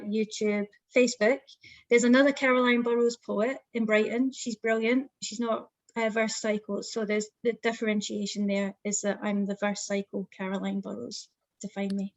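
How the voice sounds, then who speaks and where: Even-toned woman poet on a video call. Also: on the high side, no room sound, low-quality recording. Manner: thoughtful, hesitant with fillers. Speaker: poet and guest. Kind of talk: online festival interview.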